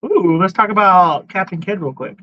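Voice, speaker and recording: A man's voice: high voice, moderate pace, dry recording. A man hosting a casual podcast, talking bluntly, swearing freely and jumping between topics while reading out viewer comments. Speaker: podcast host. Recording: dull, lo-fi sound, dry.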